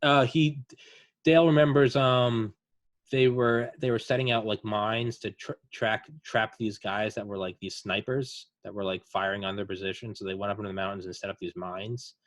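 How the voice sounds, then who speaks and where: This podcast host speaks at normal speed in a fairly low voice with fairly even intonation, with no room sound. He relays veterans' war stories in a loose, rambling chat full of fillers.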